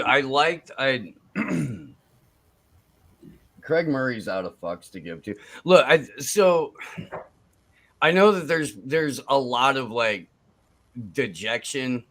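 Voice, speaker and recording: A man with a mid-range voice and lively, animated pitch. He rambles, hedging and restarting his sentences. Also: slow pace, pauses often. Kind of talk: casual activist chat.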